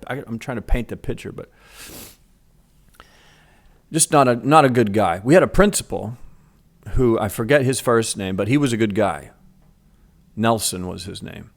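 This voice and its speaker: A middle-aged man telling a story from his school days in a casual, animated way. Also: fairly low pitch. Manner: animated, acts out voices in quotes. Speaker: vlogger telling a childhood story.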